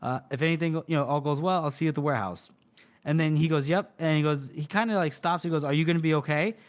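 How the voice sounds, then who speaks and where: A man co-hosting a casual book podcast, retelling scenes and acting out characters' lines in quick quoted voices. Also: fairly high pitch. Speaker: podcast co-host.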